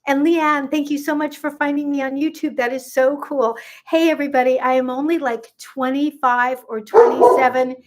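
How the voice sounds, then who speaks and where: This high-pitched woman talks at a moderate pace with a steady tone and barely pauses. In her late sixties, she coaches people on gut health and chats loosely with her phone livestream audience, calling viewers by name and drifting off on tangents.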